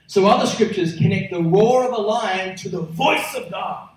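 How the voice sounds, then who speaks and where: Male preacher, somewhat high voice, booming sermon, heard from far off in a very echoey church hall. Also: moderate pace. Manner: emphatic, building to loud roaring peaks.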